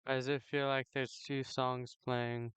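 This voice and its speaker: A man's voice: medium pitch, level tone, a little slow, a bit bright, clean tone, no echo. A man streaming a game, reading its dialogue aloud and chatting casually with viewers, swearing and giggling. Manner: giggly, swears, talks to chat.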